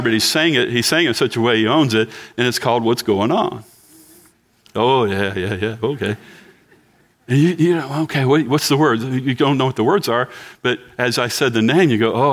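A man in his sixties gives a sermon in a church at an easy, talky pace. He jokes with the congregation and asks them questions, and his voice sits in a middle pitch. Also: fairly bright tone. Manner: conversational, joking with the congregation. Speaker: pastor.

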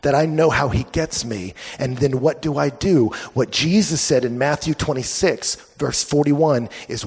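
A man preaching a sermon, telling stories and acting out both sides of the conversations with lively energy. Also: medium pitch, measured pace, few pauses, slightly rough. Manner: animated storytelling preacher, acts out dialogue. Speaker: pastor. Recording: long hall reverb.

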